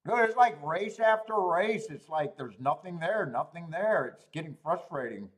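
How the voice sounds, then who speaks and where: A man's voice: fairly high pitch, expressive, normal speed. A man hosting a live stream, worked up and ranting, pleading, swearing and laughing as he talks. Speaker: host. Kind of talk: live-stream chat rant.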